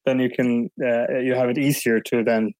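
Halting man with dry sound. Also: medium pitch, level tone, a little mellow, dry recording, low-quality recording. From Sweden. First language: Swedish. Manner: halting, thoughtful, frequent restarts. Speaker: guest. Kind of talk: casual interview.

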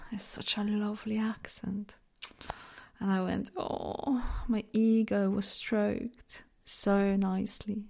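A Polish woman in her thirties hosts a reflective solo podcast, her accent a blend of Polish and British. She talks at an unhurried, slow pace in a fairly low voice. She is candid and self-deprecating and laughs at herself often. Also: creaky, a little mellow. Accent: mixed Polish-British. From Poland. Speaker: podcast host.

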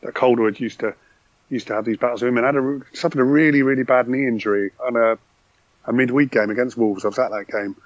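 A man's voice: medium pitch, steady tone, fast talker, no room sound, highs cut off. A man, a podcast guest, talking casually and enthusiastically about football, rambling with frequent restarts.

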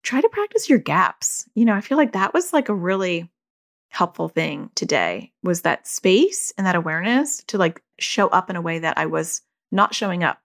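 A woman's voice: fairly low pitch, sing-song, normal speed, vocal fry. Chatty middle-aged woman giving parenting advice. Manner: chatty, fillers like "you know". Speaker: parenting coach. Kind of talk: casual advice talk.

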